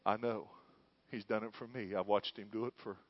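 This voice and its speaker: A man's voice: fairly low pitch, fairly even intonation, normal speed. A man, a pastor preaching a sermon and telling a story with growing fervor. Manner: storytelling, building to fervent shouting. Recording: dull dry lo-fi.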